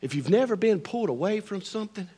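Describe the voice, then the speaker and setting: A middle-aged man with a Southern American accent preaching a sermon, swinging between loud declarations and hushed near-whispers. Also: sits high, lively intonation, fast talker, husky. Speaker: pastor.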